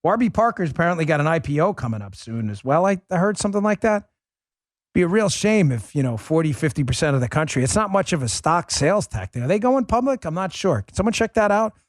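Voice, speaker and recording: Rich: A man with a fairly high voice hosts a political talk show, sarcastic and mocking as he rants. He turns animated, jumping up in pitch when mimicking others, and the sound is close and dry, as from a studio mic. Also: quick pace, no room sound. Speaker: host.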